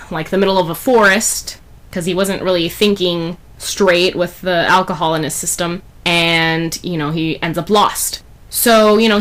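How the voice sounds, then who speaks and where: A woman's voice: mid-range voice, fairly bright tone. A woman giving a casual, rambling spoken review of a story chapter, full of fillers and asides. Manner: chatty, rambling, many fillers like "you know". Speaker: fan fiction reviewer.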